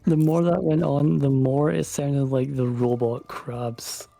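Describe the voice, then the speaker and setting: Stream guest chatting, mellow warm voice, bit hesitant. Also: medium pitch, little pitch movement, a little slow, gravelly, soft background music. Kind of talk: casual chat.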